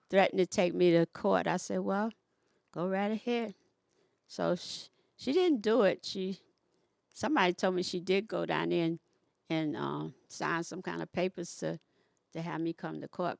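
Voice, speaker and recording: A woman's voice: lowish voice, steady tone, normal speed, gravelly, dry recording, clean studio sound. An older woman, the interview guest, telling stories from her past in a rambling, folksy way. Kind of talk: casual storytelling.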